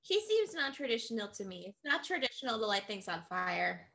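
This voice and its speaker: A woman's voice: a little high, big pitch swings, brisk, creaky, bright, forceful tone. A woman playing in a tabletop game, firm and contrary in her replies. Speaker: player.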